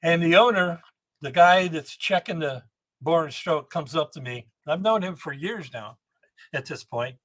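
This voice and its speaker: A man in his seventies, a guest on a podcast, telling rambling, animated anecdotes about engine building and often restarting his sentences. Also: fairly high pitch, a little slow. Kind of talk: storytelling podcast interview.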